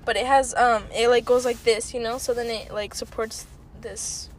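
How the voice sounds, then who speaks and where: A woman's voice: a little high, steady tone, moderate pace, a little hiss or hum. A young woman chatting in a car, rambling with lots of fillers and swearing. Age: young adult. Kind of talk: casual chat.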